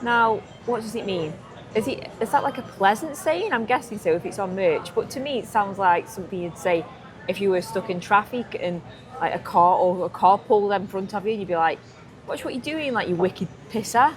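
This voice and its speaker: A woman's voice: medium pitch, a little fast, crowd noise. A woman with a Stoke-on-Trent accent, chatting playfully on a casual travel vlog. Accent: Stoke-on-Trent English. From England. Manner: playful and teasing. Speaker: vlogger.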